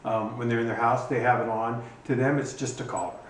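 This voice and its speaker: A man giving a casual how-to talk on dog training, pausing often with ums and starting sentences over. His voice sits at an ordinary middle pitch. It is recorded from some distance in a roomy, echoing space, with a faint hiss of background noise. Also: steady tone. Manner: halting, frequent ums and restarts. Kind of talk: casual instructional video. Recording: echoey room, distant mic, faint noise.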